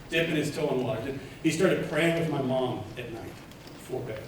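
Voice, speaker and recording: A man giving a lively conference keynote, joking and putting questions to his audience. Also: mid-range voice, distant mic, slight background noise. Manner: animated, joking, quizzes the audience. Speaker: keynote speaker. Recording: echoey hall, mic set back.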